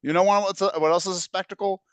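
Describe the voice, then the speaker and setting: A man's voice: high-pitched, steady tone, fast, smooth, dry recording. A man co-hosting a podcast who laughs often, jokes around and reads listener comments aloud. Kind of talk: casual chat.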